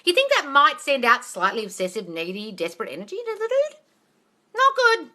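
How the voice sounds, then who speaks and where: Woman, live Q&A coach, bright tone, blunt, swears a lot, calls people darling, emphatic. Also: fairly quick. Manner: emphatic, swings between loud excitement and low asides. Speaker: manifestation coach answering viewer questions. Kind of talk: casual live Q&A, reading out comments.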